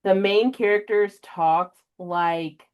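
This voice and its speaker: A young woman hosting a casual book podcast, chatty and emotional, jumping way up in pitch when she acts out her own reactions. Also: takes it slowly, clean tone, muffled recording. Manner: emotional, animated storyteller with big pitch jumps in quoted reactions. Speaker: podcast host. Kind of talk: casual chat.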